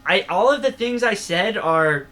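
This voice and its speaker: Man, bright voice, slightly high, enthusiastic, rambling casual podcast chat. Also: lively intonation, a little slow. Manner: enthusiastic, rambling with fillers and restarts. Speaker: podcast co-host. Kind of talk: casual chat about comics.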